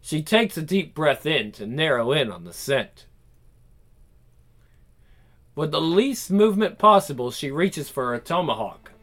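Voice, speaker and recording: A man's voice: a little high, sing-song, measured pace, pauses often, a bit bright. A man reading a role-play story aloud, with jokey, chatty asides between the passages.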